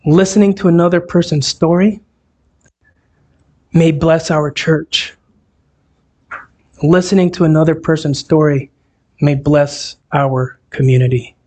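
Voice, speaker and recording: Man, preacher, sermon, high voice, unhurried, asks the congregation questions. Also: darkish tone. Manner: conversational, asks the audience questions. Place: church hall, also streamed on a video call.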